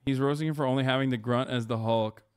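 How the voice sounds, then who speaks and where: A man's voice: mid-range voice, fairly even intonation, fast talker, smooth, dry recording. Sarcastic sweary guy streaming, dry close sound, talks blunt. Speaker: streamer host. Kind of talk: casual reaction-stream chat.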